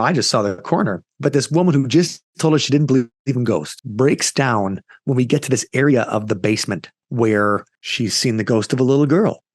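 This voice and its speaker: A man recounting a ghost story in a loose, rambling way, full of fillers, and slipping into quoted voices as he goes. His pitch sits in an ordinary middle range, and the sound is dry and close, with no room around it. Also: no echo. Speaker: ghost tour company founder, guest. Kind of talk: casual storytelling in an interview.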